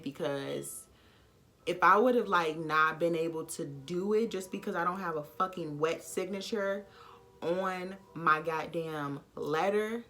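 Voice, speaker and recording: Sassy, blunt young woman vlogging. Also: lowish voice. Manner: animated and blunt, with sassy asides to viewers. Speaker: YouTuber telling a story. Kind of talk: casual storytime vlog. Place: home, dog snoring nearby.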